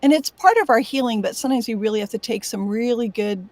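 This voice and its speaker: A woman in her sixties chatting as a panel guest, bubbly and quick to gush over everyone. Her voice sits fairly high and comes across close and dry, with no room sound around it. She talks through a remote audio call. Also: no echo. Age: 60s. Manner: effusive, excitable, gushing praise. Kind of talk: casual online panel chat.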